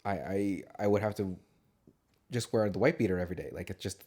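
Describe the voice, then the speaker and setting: A man's voice: sits low, fairly quick, warm tone. A man co-hosting a casual movie podcast, talking in a rambling, profane way and laughing often. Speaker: podcast co-host.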